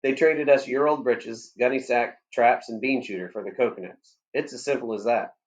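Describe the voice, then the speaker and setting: A man reading aloud, voicing a gruff, stubborn old grandfather with a drawling manner. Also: mid-range voice, expressive, a little fast, lightly acted.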